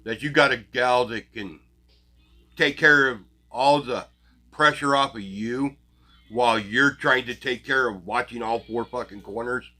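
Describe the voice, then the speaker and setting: On his own show, a channel host rants at his viewers bluntly and crassly, swearing heavily and laughing with scorn. His voice is medium in pitch and sharp, his pace measured, with faint music playing behind him.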